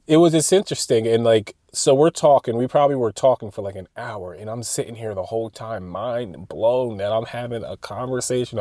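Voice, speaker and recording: A man's voice: mid-range voice, no echo, studio quality. A young man telling a story in a casual, rambling way, with lots of fillers and restarts. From United States. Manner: rambling, animated retelling with frequent fillers and restarts. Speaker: vlogger.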